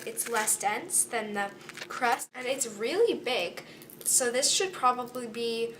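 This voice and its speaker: A teenage girl narrating an amateur school skit as an explorer, halting with many fillers while reciting facts. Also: fairly high pitch, distant mic, background noise. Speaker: student explorer presenting a school project. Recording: music playing over the voice.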